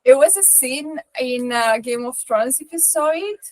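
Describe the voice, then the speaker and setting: A woman's voice: high voice, expressive, unhurried, dry recording, poor audio. A woman on a video call sharing a personal thought, earnest and searching for her words. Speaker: call participant.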